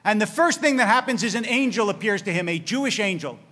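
A man's voice: high-pitched, animated, fast talker, pushed and bright. A man preaching as a rabbi, telling a scripture story with wry humor and dramatic quoted lines. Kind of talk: sermon. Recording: long hall reverb.

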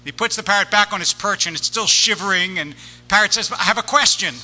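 Rabbi giving a funny sermon, high voice, big echoey sanctuary. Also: male voice, fast talker, sharp tone. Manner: humorous storytelling, wry comic timing.

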